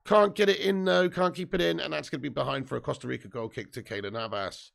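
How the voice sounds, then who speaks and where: A man's voice: a little high, fairly even intonation, fast talker, gravelly, fairly bright tone. A man, just woken up and hosting a sweary, jokey live football watch-along, reading out viewer comments. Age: 30s. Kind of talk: casual live-stream chat and match commentary.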